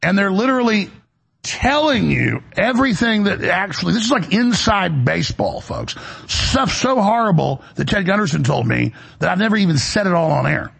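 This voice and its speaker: A man's voice: high voice, sing-song, moderate pace, vocal fry, fairly bright tone, breathy edge. A man hosting a broadcast show from a studio, talking in an agitated, rambling monologue that is full of repeated words and restarts. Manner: agitated, repetitive, with many restarts. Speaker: radio and web show host.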